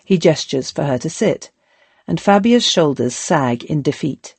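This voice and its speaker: Woman reading an audiobook, calm steady storytelling, dry studio sound. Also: sits low, a little slow, husky, dry recording. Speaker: audiobook narrator. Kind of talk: audiobook narration.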